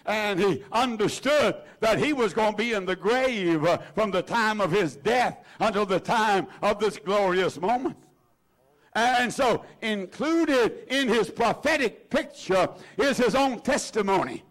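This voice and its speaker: A man preaching a sermon with fervent, drawn-out emphasis, many "uh" fillers and sudden rising shouts. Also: sits high.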